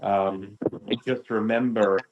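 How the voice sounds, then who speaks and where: A British man in his fifties, a podcast guest telling lively anecdotes and acting out quotes. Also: on the low side, slow pace, highs cut off, faint music behind. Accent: British English. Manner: animated, acts out quotes. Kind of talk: storytelling chat.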